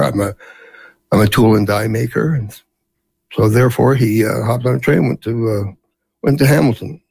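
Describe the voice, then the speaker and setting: A man's voice: mid-range voice, vocal fry, darkish tone, husky, dry recording. A man in his seventies who grew up in Canada, telling family stories as an interview guest in a rambling way with many fillers. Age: 70s. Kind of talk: storytelling in a casual interview.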